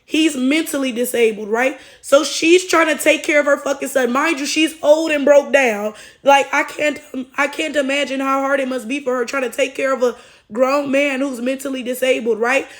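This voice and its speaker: A woman's voice: sits high, fairly even intonation, moderate pace. A woman telling a story in a casual rant, blunt and heavily profane, often checking in with tag questions. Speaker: storytelling vlogger.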